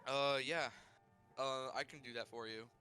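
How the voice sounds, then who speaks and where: A young man recapping his tabletop game character's backstory, halting, with many fillers and restarts. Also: mid-range voice, steady tone, pushed and bright, soft background music. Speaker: player.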